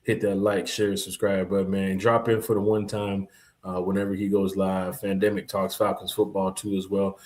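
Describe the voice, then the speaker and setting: A man co-hosting a casual sports podcast, laid-back, giving shout-outs to viewers. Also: deep voice, level tone, normal speed, reverberant. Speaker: podcast co-host.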